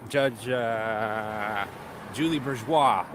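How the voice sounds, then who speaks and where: A man co-hosting a walking livestream, recorded outdoors on a cold street. He argues his political points emphatically and with indignation. Traffic and street noise are clearly audible around him. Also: fairly low pitch, very slow. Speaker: co-host. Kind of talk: opinionated political commentary.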